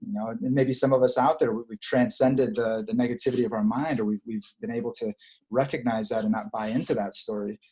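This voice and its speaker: A man's voice: medium pitch, steady tone, fast, darkish tone. A man who is a spiritual coach, giving an earnest, reflective talk and searching for words, often repeating phrases.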